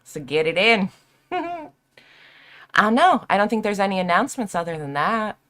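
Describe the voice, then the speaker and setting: A woman's voice: mid-range voice, very animated, moderate pace, bright, forceful tone, a little hiss or hum. A woman hosting a casual live stream, upbeat and slangy, laughing often. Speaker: stream host.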